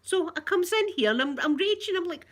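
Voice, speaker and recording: A woman's voice: extremely high pitch, expressive, fairly quick. A middle-aged woman with a Glasgow accent, telling an indignant story to camera at home, laughing as she goes. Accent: Scottish, Glasgow. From Scotland. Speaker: vlogger. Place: at home, in a living room.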